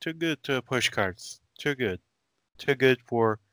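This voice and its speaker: A man's voice: medium pitch, animated, slow, a bit bright, no room sound. A man from Aruba, a guest on a casual podcast, talking in a laid-back, hesitant way with many fillers.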